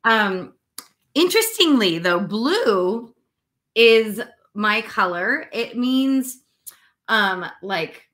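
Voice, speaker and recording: A woman gives intuitive readings on a livestream in a slow, dreamy, drawn-out voice. She talks at an unhurried pace, with frequent yawns breaking up her sentences. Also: a little high, lively intonation, a bit bright. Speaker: intuitive reader.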